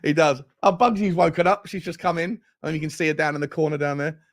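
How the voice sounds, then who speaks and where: A man hosting a fan show livestream, reading out viewer super chats with excitable, slangy banter. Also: fairly high pitch, quick pace.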